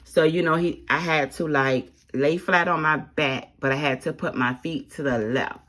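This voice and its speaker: A woman's voice: deep voice, normal speed, a bit bright, a little hiss or hum. A woman telling her own story in a candid, blunt, casual way, full of slang and exasperated asides. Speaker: vlogger.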